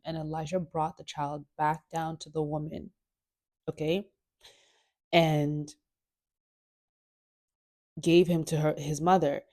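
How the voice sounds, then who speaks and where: A woman's voice: low-pitched, warm tone. A woman hosting a casual Bible study, chatty and playful, laughing often and swearing now and then, and sick at the moment. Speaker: host of a Bible study show. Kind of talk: casual Bible reading and chat.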